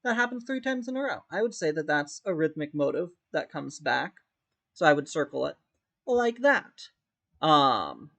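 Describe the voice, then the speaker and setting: A man's voice: fairly high pitch, fairly bright tone. A male music theory teacher explaining step by step in a recorded lesson, often demonstrating rhythms by humming them on "da". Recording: dull lo-fi recording.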